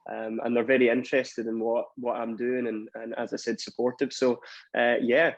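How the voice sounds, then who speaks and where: A Scottish man speaks on a video call, pausing often and filling the gaps. The audio is dry and somewhat dull. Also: mid-range voice, flat delivery, vocal fry, no echo. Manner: hesitant, lots of fillers. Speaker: guest musician. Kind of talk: casual video panel chat.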